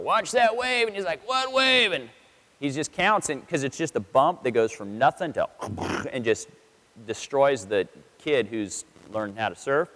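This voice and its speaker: Male pastor, mid-pitched, chatty sermon, acts out dialogue; long hall reverb. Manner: chatty storytelling, acts out quotes in voices. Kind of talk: casual sermon.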